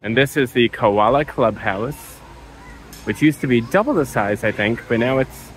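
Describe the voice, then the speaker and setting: A woman's voice: rumbling low, lively intonation, moderate pace, slight background noise, low-quality recording. A woman vlogging a family day at an outdoor zoo, playfully teasing and chatting with her kids. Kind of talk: casual family vlog chat.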